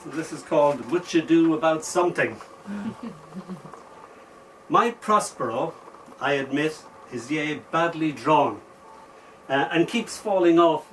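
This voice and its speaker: An Irish man telling humorous stories and reading his poetry at an open mic night, chuckling between lines. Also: fairly high pitch. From Ireland. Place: bookshop event, indoors. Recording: distant mic, faint room noise.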